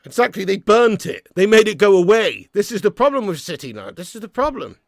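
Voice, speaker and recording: High, gravelly, sweary football ranter. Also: male voice, sing-song, fairly quick, no room sound, clean studio sound. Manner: sweary, ranting, swings between loud outbursts and low glum muttering. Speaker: YouTube fan channel host. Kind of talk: live football watch-along chat, reading super chats.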